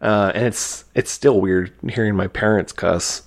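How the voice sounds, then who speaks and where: Male podcast co-host, lowish voice, relaxed chatty recaps with quick voiced quotes. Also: gravelly. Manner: retells scenes with quick acted quotes. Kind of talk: casual movie review chat.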